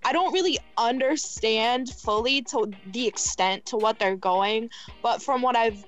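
A woman on a podcast, chatting casually and hedging her words as she thinks aloud. Her voice is a little high, with faint music playing underneath. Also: unhurried, dull audio. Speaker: podcast co-host.

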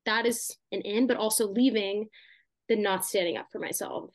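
A woman's voice: medium pitch, steady tone, moderate pace, no room sound. A young woman co-hosting a podcast, talking casually with lots of fillers and asides. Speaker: podcast co-host. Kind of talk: casual chat.

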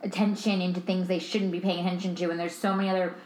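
A woman's voice: lowish voice, little pitch movement, quick pace, a little mellow, a little hiss or hum. A woman co-hosting a casual chat, agreeable and chatty. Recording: echoey room.

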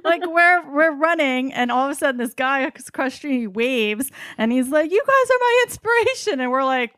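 A woman co-hosting a casual podcast, chatty and quick to laugh as she tells stories. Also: high-pitched, a bit bright, clear, resonant tone, no room sound, studio quality. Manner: giggly, chatty storytelling. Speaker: podcast co-host.

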